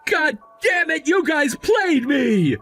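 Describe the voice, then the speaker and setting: A scheming young crook with a short fuse, voiced by a man, bursting into indignant shouts. His voice sits high and swoops widely, and he drags out his words slowly. Faint music plays underneath. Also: sing-song, full character voice. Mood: furious. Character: scheming, hot-tempered young man caught stealing.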